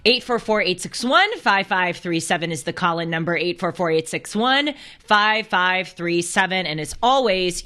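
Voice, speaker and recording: A woman's voice: mid-range voice, pushed and bright. A woman hosting a live call-in talk show, chatty and playful, laughing often as she talks.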